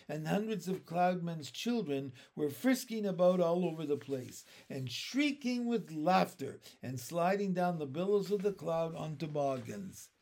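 Male storybook reader, slightly higher voice, lively character reads. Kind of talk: reading a children's book aloud.

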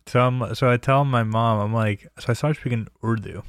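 A man's voice: medium pitch, steady tone, moderate pace, clean tone, no room sound, studio quality. A young man from New Jersey telling personal stories in a loose, profane, chatty way. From New Jersey, USA. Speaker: storyteller. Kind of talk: casual personal storytelling.

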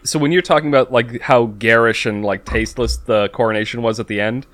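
A man's voice: medium pitch, fairly even intonation, fairly quick, fairly bright tone. A man co-hosting a podcast in casual chat, talkative, repeating words as he starts a thought. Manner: talkative, repeats words when starting, quotes lines in a put-on voice. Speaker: podcast co-host.

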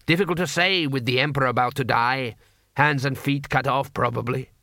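A man's voice: medium pitch, steady tone, fairly quick, sharp tone, dry recording, studio quality. A man voicing a shrewd, casual male street trader who talks in an offhand, unbothered drawl.

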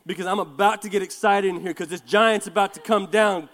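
A man preaching a fervent sermon as pastor of a church, with bursts of shouting and quick joking asides. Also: high voice, steady tone. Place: church sanctuary. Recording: long church hall reverb.

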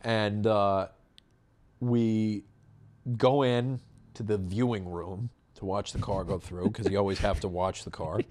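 Brief: relaxed male podcast co-host, lowish voice, rambling storyteller. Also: measured pace. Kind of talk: casual chat.

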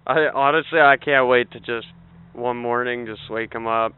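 A man on a podcast joking crudely in casual banter, often shouting out voices as he acts out bits. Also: mid-range voice, steady tone, moderate pace, clean tone, no echo. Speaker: podcast host. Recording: phone-like narrow sound, dry.

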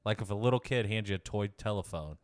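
A man's voice: on the low side, fast talker, clear, resonant tone, no echo. A man co-hosting a podcast, hyped and teasing in casual banter. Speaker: podcast co-host. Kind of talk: casual chat.

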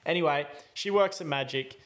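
A man hosting a podcast, telling a story in a casual, animated way and acting out his own lines. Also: a little high, normal speed. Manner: animated, acts out his own quotes loudly. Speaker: podcast host.

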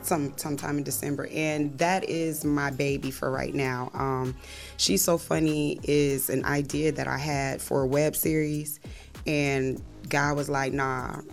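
A woman with a very low, gravelly voice chats casually in her thirties. She talks loosely, trails off and restarts, and laughs easily. Faint music plays underneath. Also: level tone, measured pace. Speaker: comedian and show creator. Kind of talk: casual chat.

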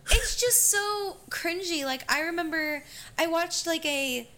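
A young woman co-hosts a podcast, chatting casually in an extremely high-pitched voice at a slightly slow pace. She's animated and rambling, with plenty of fillers.

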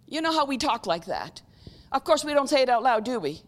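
Bright high-voiced woman preaching. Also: big pitch swings, normal speed. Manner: engaging, repeatedly checks with the audience; clears throat often. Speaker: guest speaker. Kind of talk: sermon.

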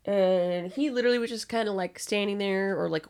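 A woman's voice: mid-range voice, fairly quick, a little mellow, clean tone. A young woman co-hosting a podcast, telling work stories in a blunt, casual way and swearing freely. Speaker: podcast co-host. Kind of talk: casual chat.

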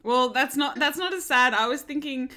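Earnest, somewhat high-voiced woman co-host. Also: moderate pace, sharp tone. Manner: earnest, hedging, reads listener mail. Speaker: podcast co-host. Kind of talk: casual chat.

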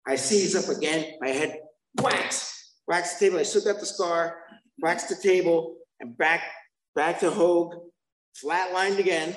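A man's voice: a little high, measured pace, echoey room, slight background noise, low-quality recording. A man sharing his recovery story at a meeting, rambling and self-mocking, with asides to the listeners.

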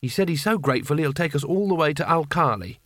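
A man voicing a sharp-tongued young woman warrior who speaks bluntly and sounds exasperated. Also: fairly high pitch, animated, fast, dry recording, clean studio sound.

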